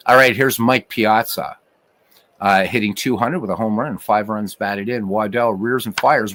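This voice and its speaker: A man calling play-by-play for a computer baseball game, chatting with viewers between pitches and with wry asides. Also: moderate pace. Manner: lively, rising to shouts on big plays, wry asides. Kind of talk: solo play-by-play commentary with live chat.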